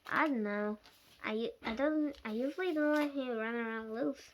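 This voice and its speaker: A child reading a storybook aloud, voicing a polite, calm young boy who speaks carefully. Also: mid-range voice, normal speed, a little hiss or hum, close to an everyday voice. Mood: unsure.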